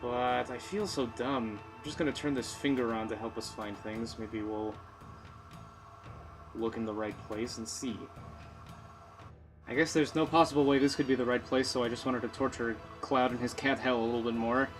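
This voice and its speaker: A man's voice: mid-range voice, steady tone, moderate pace. A man giving casual, sarcastic commentary while playing a video game, often mocking himself. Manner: sarcastic, self-mocking asides. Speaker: let's player. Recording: faint game music behind.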